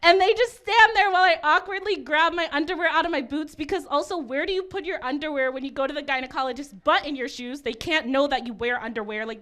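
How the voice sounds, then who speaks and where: High-voiced woman doing stand-up. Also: a bit bright. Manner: self-deprecating, chatty storytelling. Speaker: stand-up comedian. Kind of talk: stand-up set.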